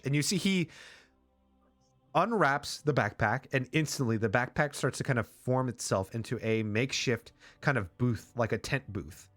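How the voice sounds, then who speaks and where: A man's voice: mid-range voice, normal speed, a bit bright, no room sound. A man running a tabletop game as game master, narrating in a loose, rambling way full of likes and uhs. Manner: rambling, filler-heavy narration.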